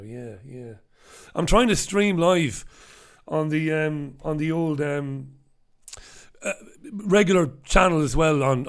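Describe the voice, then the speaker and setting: A middle-aged man chats his way through a live stream in his home studio, rambling and poking fun at himself. His voice sits a little high for a man. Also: vocal fry. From Ireland. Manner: chatty, self-mocking, rambling. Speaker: host. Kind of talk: casual live-stream chat.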